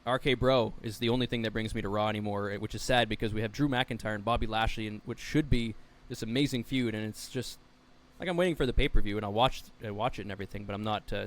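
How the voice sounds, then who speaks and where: A man's voice: on the low side, fairly quick, hardly any pauses. A man co-hosting a podcast, chatting in a wry, blunt way and swearing casually. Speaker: podcast co-host. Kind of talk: casual chat.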